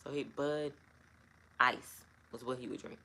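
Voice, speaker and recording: A woman's voice: very deep voice, fairly even intonation, measured pace, pushed and bright, slight background noise, poor audio. A middle-aged woman telling a personal story to camera in a casual, rambling way, full of "um" and "like". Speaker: vlogger.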